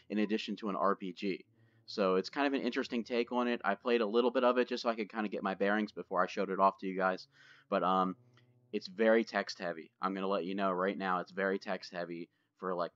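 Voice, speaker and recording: A man's voice: lowish voice, fairly bright tone. A man hosting a gaming channel, chatting loosely and joking as he plays. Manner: chatty, loose, swears and jokes. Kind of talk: casual gameplay commentary. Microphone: desk microphone. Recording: dull lo-fi with game music.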